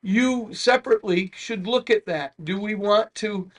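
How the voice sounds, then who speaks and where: High-voiced mayor rambling at a meeting. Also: male voice, a little slow. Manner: rambling, many restarts, folksy asides. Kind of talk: public meeting remarks.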